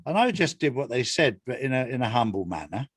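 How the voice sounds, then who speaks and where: A man's voice: mid-range voice, big pitch swings, fairly quick, husky, no room sound, studio quality. An older retired Englishman giving an interview in a casual, earnest way, repeating his points for emphasis. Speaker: interview guest, author.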